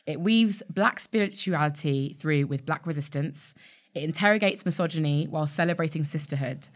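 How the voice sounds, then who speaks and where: A woman's voice: sits low, normal speed. A woman hosting a podcast interview, effusive and openly emotional. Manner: effusive and warm-hearted, emotional. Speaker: podcast host.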